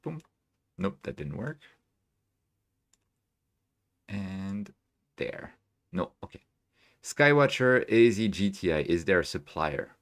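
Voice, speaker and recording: A man's voice: low voice, lively intonation, slow, long pauses, a bit bright. Chatty man hosting a live stream. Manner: chatty, reads chat aloud, many fillers and restarts. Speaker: astrophotography livestream host. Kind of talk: casual live stream chat. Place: home room with equipment.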